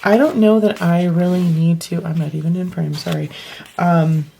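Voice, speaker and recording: A young woman with a deep morning voice, chatting casually and rambling as she walks through her bullet journal pages. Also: steady tone, moderate pace, creaky, mellow, a little hiss or hum. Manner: rambling, self-correcting, laughs often.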